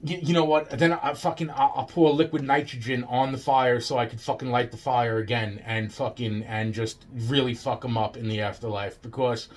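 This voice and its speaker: A man's voice: mid-range voice, steady tone, normal speed, few pauses. A man telling a long personal story straight to the listener, rambling, repetitive and full of swearing.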